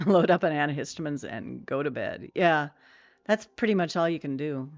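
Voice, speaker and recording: A woman's voice: low-pitched, animated, moderate pace, darkish tone, no room sound, lo-fi sound. A middle-aged woman streaming a game, chatting casually with viewers in a rambling way full of fillers and self-corrections.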